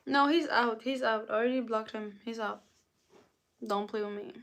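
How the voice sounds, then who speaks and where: A young woman live-streaming, chatting casually with her viewers and greeting them by name in a drawn-out way. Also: a little high, fairly bright tone. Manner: drawn-out, greets and reads out chat names.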